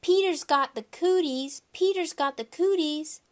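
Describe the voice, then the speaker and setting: A woman's voice: on the high side, expressive, measured pace, a bit bright, exaggerated voice. A woman voicing a bossy know-it-all fourth-grade girl in a children's audiobook, with a taunting sing-song manner.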